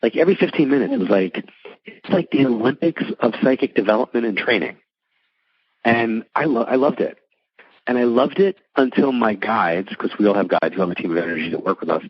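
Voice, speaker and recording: A man's voice: medium pitch, a little fast, husky, no room sound, lo-fi sound. A middle-aged man, a psychic medium telling stories in a casual interview, chatty and full of likes and restarts. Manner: chatty, many likes and restarts, acts out quoted voices.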